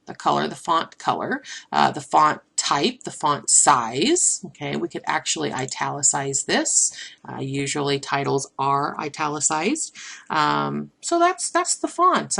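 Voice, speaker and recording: A woman with a fairly low voice walks through a software tutorial, talking as she clicks. Her delivery is relaxed and unscripted, full of ums, restarts and quick asides. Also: gravelly. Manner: relaxed, thinks aloud with many ums and restarts. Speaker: instructor.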